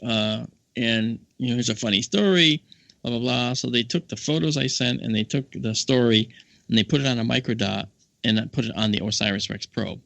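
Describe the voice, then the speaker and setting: A man on a casual podcast, telling a lively anecdote and acting out the people he quotes with big jumps in his voice. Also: moderate pace, creaky, no echo. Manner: animated storyteller, acts out quoted voices with big pitch jumps. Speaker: podcast co-host. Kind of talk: casual storytelling chat. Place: home office.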